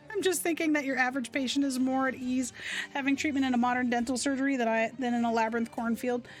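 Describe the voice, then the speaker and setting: A cheerful game dentist who delivers silly puns in a breezy, matter-of-fact way, as a woman reads her lines. The voice is high, with faint game music underneath. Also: steady tone, fast, natural voice. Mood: chipper. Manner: upbeat, jokey, matter-of-fact. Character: chipper, pun-loving woman dentist.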